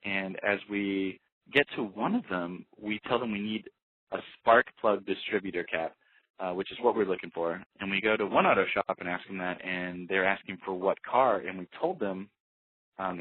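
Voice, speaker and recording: A man's voice: low-pitched, moderate pace, slightly rough. A young man telling a road-trip story casually, rambling with lots of fillers and restarts. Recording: tinny phone-like dry sound.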